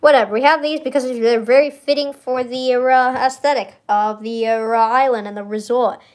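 A woman doing an impression of a 1960s male politician, talking in a slow, halting drawl full of stalls. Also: on the high side, fairly even intonation, lightly acted. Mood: pompous.

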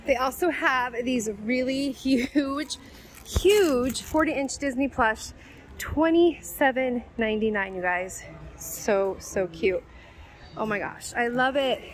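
A woman's voice: high-pitched, slow pace, slight background noise, poor audio. A woman chatting eagerly to viewers as she walks through a large warehouse store, filming on a handheld phone. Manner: gushing, chatty, addresses viewers as "you guys". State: out of breath. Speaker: vlogger. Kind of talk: store walk-through vlog.

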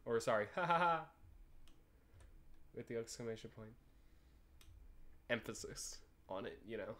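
Young guy playing a game, rambly, cussing and laughing a lot, average pitch. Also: animated, unhurried, noisy background. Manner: rambling, joking, swears freely, laughs often. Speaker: gaming YouTuber. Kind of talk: casual let's play commentary.

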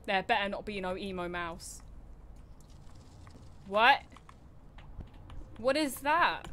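A woman's voice: mid-range voice, expressive, takes it slowly, a bit bright, slight background noise. A young woman streaming a horror game from her desk at home, chattering anxiously, mocking herself and breaking into sudden screams. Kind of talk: live game commentary.

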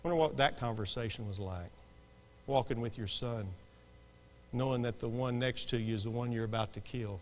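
A man preaching a sermon, swinging between hushed lines and sudden shouts. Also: mid-range voice, normal speed, in a large hall. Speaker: pastor. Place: church sanctuary.

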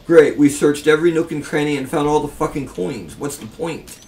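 A man's voice: on the high side, brisk, darkish tone, far from the mic, slight background noise. A man chatting casually while playing a game with a friend, in a dry, reasoning way. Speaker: gamer co-host. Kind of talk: casual let's play chat.

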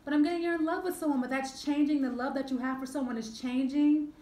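Chatty woman doing a tarot reading, high voice, kinda echoey room. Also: steady tone, quick pace, dark tone. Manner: chatty, repetitive, drawing cards aloud. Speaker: tarot reader.

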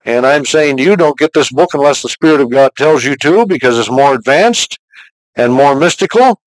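An older man giving a recorded teaching message as a pastor, talking in a fatherly, conversational way and reading scripture slowly. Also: fairly high pitch, lively intonation, dry recording, rough recording.

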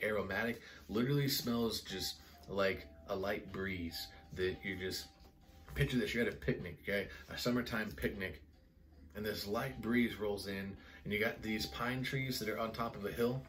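Excitable low-voiced man reviewing fragrances. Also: slight background noise. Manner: excitable, enthusiastic, rambling with many "like"s. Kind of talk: casual review vlog.

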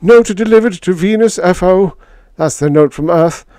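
Guy doing a grim ambassador, clipped urgent fragments, louder and higher. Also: normal speed, smooth, no room sound, studio quality, lightly acted.

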